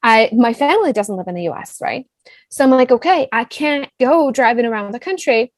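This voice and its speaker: A woman in her thirties with a foreign accent, a business coach telling her own story as a podcast guest, animated and full of "like" and "right?". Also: a little high, brisk, no echo. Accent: non-US foreign accent. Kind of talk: personal storytelling in a podcast interview.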